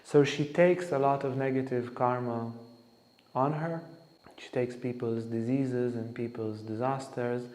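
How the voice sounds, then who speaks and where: Echoing through an ashram's lecture hall, a man's mid-range, darkish voice delivers a spiritual lecture. He tells earnest anecdotes about a saint.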